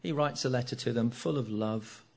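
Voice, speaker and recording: Older preacher, lively and jokey. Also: male voice, mid-range voice, moderate pace, vocal fry. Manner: animated, jokey, acts out congregation reactions. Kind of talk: sermon.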